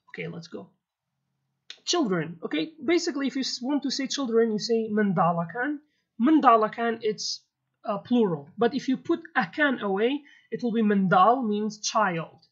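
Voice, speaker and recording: Kurdish-accented woman teaching vocabulary. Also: fairly high pitch. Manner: explains word by word, repeats terms, many fillers and okays. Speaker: language teacher. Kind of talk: explaining vocabulary in a video lesson. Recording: dull lo-fi audio.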